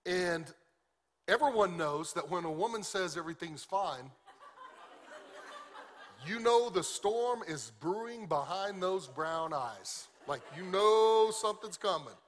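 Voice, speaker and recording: Bright-voiced, joking male pastor. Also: on the high side, moderate pace. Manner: animated, joking, conversational preaching. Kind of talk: sermon.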